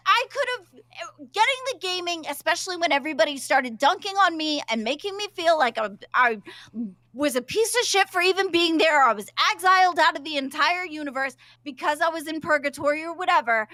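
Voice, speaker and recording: Woman on a livestream, high squeaky voice, bright and sharp, dry close sound, emphatic and worked up. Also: lively intonation, a little fast, dry recording. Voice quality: squeaky when loud. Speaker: show regular. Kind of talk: livestream reaction chat.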